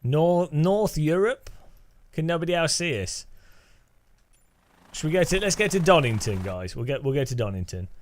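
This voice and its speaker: Giggly, lively male gaming host. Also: on the high side, normal speed, long pauses. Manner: giggly, laughing often between remarks; cheeky, joking banter. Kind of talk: casual gaming commentary.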